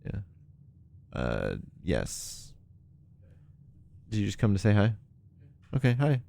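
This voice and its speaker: Man, fairly low voice, casual live-stream chat, rambling, lots of ums, laughs a lot. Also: huge pitch swings, takes it slowly, vocal fry, dark tone. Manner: rambling and chatty, laughs often, many ums. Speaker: livestreamer playing a puzzle game.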